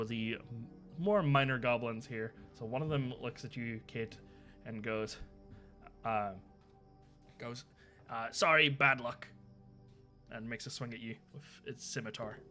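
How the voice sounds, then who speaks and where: A man's voice: medium pitch, measured pace, faint music behind. A man narrating as game master of a tabletop role-playing game, laughing often as he goes.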